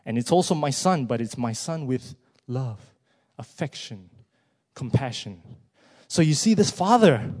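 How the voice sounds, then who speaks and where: A man preaching a sermon, asking many rhetorical questions and moving between hushed words and loud rising emphasis. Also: medium pitch, expressive, a little slow.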